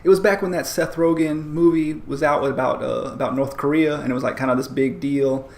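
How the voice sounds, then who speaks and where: Fast-talking gravelly man, rambling. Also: a little high, steady tone, a little mellow, roomy sound. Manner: rambling, many restarts and fillers. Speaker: podcast co-host. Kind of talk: casual chat.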